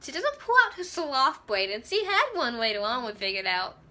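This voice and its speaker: Excitable woman vlogger reviewing an episode: high, bright voice, gushing and laughing through her sentences. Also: moderate pace. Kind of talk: casual fan review vlog.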